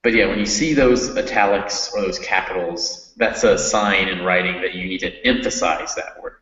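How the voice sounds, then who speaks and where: A man's voice: deep voice, normal speed, a bit bright, echoey room, in a large hall, highs cut off. A man teaching a reading lesson, patiently explaining and prompting a student.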